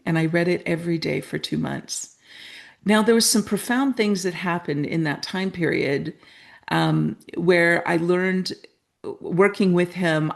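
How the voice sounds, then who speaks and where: Middle-aged canadian woman telling her story, bit of gravel in the voice, really into it. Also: lowish voice. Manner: earnest, animated storyteller who acts out quoted dialogue. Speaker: guest. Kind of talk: storytelling interview talk.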